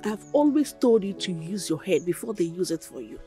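A woman's voice: on the low side, very animated, a little fast, faint music behind. A sarcastic Nigerian mother. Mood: reproachful. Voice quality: sharp, sarcastic lecturing. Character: bitter mother lecturing her daughter. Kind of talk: Nollywood film acting.

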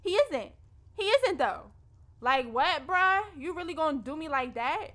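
Slangy and expressive, a young woman chats with viewers while hosting a let's play. She has a high voice with big pitch swings, a fairly bright tone, and a measured pace.

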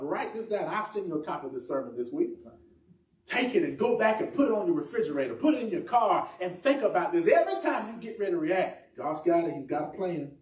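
A man with a high voice delivers an emphatic sermon, stretching out his key phrases. He is picked up from a distance. The sound rings around a reverberant church room. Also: very animated, a little mellow. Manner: emphatic preaching with drawn-out phrases. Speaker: pastor. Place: church sanctuary. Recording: echoey church room from far off.

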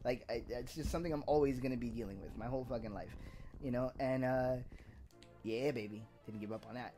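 A man's voice: mid-range voice, fairly even intonation, fairly quick, dark tone, faint music behind. A man co-hosting a gaming stream, talking candidly and rambling with plenty of swearing and restarts. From Puerto Rican family. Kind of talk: casual chat.

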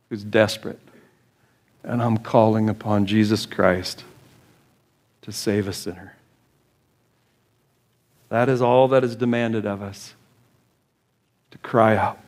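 Male American pastor, fervent pulpit sermon, mid-pitched, climbs into urgent high pleading.

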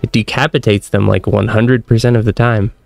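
Gaming commentator, young man, low gravelly voice, nervous self-mocking banter, game music underneath. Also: fairly even intonation, brisk. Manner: jumpy, self-mocking reactions. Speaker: gaming streamer. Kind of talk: let's-play commentary.

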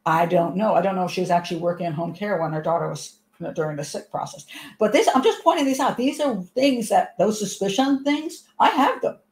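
A woman's voice: medium pitch, brisk, a little mellow. A woman hosting a show, giving casual commentary and telling a rambling, chatty personal story full of restarts. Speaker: host and commentator. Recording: echoey room.

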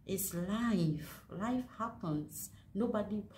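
A woman's voice: medium pitch, slow, mellow. A young woman from Ghana vlogging to camera, emphatic and aggrieved, often repeating herself. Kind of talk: casual vlog monologue. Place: indoors in a house. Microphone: camera on a stand. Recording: echoey room with faint background noise.

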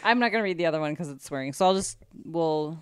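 A woman with a fairly low voice co-hosts a podcast, chatty and quick to giggle. The sound is close and dry, with no room around it. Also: lively intonation, smooth, no room sound. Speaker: podcast co-host. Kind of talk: casual chat.

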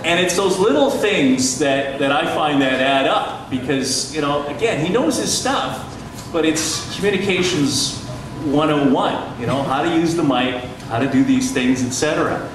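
A man's voice: a little high, expressive, normal speed. Chatty middle-aged man in an echoey hall. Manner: chatty storyteller, laughs often, many restarts. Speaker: radio journalist on a panel. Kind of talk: anecdotal panel talk. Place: panel discussion in a large echoey room. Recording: echoey hall from far off, noisy.

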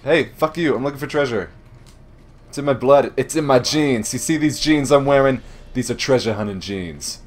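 A man giving casual, joking commentary while playing a shooter game, swearing often and yelling at enemies. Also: mid-range voice, normal speed, slight background noise. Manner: jokey, swears a lot, shouts at enemies. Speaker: gamer doing a let's play. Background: faint game music and gunfire.

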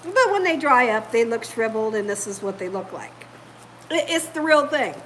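Bright high-voiced woman chatting. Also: expressive, moderate pace, slight background noise, rough recording. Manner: chatty storyteller, addresses viewers directly. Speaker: cooking channel host. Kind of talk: casual home cooking chat. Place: home kitchen.

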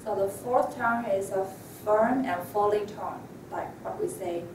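A woman who speaks natively teaches tones in English, calmly modeling each sound and pausing for students to repeat. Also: mid-range voice. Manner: patient, models sounds and pauses for repetition. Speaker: Mandarin teacher. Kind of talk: slow, deliberate language lesson. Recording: echoey room, mic at a distance, background noise.

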